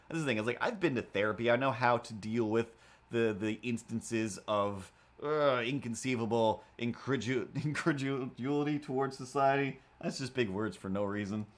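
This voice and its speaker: A man in his forties casually telling an anecdote on a livestream, acting out voices as he goes. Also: mid-range voice. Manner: animated, acts out voices in anecdotes. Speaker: livestream host.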